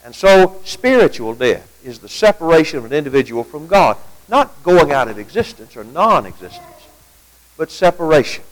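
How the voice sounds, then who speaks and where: A man's voice: a little high, big pitch swings, normal speed, rough recording. A man preaching an evening sermon, asking rhetorical questions and reading quotations aloud to his congregation. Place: church gathering at night.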